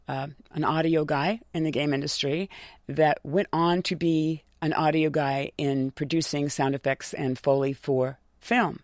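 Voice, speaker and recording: A woman voice actor chatting in an interview, telling lively stories with frequent laughs. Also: deep voice, no room sound, clean studio sound. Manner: lively anecdotal storytelling with laughs. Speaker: voice actor guest. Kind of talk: casual interview chat.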